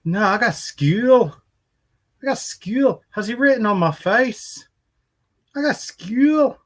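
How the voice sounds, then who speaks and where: Man doing a high, slow-wailing Irish little girl, put-on accent. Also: expressive, full character voice. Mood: distressed. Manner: high, drawn-out, plaintive wailing. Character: little girl upset about drawing on her face.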